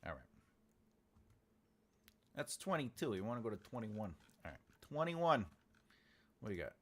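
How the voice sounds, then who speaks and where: A man chats casually with viewers while outlining a story, muttering notes to himself between jokes. His pitch moves a lot, rising and dropping from one phrase to the next. Keyboard clicks sit behind his voice. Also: big pitch swings, moderate pace. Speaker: author livestreaming his writing process.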